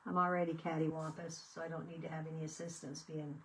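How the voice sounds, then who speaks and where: A woman's voice: deep voice, level tone, fairly quick, slight background noise. A woman chatting casually as she works on a craft project and tells a story. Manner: chatty, storytelling, laughing fits. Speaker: craft video host. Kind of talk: casual chat while crafting. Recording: voice a bit far from the mic.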